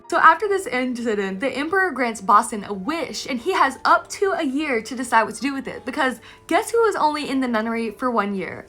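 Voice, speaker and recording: A woman recapping a story in a casual, animated, gushing way. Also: high-pitched, moderate pace, faint music behind. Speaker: anime recap creator.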